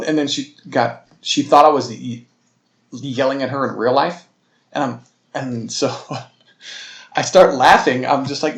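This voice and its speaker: A man's voice: mid-range voice, normal speed, long pauses. Rambling male podcaster in an echoey room. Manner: rambling, animated retelling with many restarts. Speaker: podcast host. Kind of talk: solo casual storytelling.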